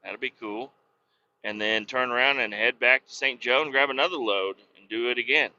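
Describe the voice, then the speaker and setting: A man's voice: mid-range voice, normal speed, sharp tone. A man hosting a podcast, telling a casual, profane, rambling story in a worked-up way. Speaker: podcast host. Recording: dull lo-fi recording.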